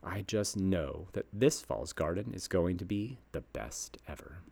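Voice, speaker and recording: A man's voice: sits low, expressive, a little slow, vocal fry, darkish tone. A man in his fifties, a garden nursery host reading his scripted column aloud in a folksy, upbeat storytelling way.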